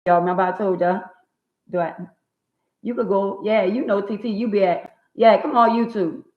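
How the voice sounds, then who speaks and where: A woman hosting a casual livestream, greeting viewers by name in a chatty, drawn-out way. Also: on the low side. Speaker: livestream host. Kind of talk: casual live chat. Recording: tinny phone-like sound in an echoey room.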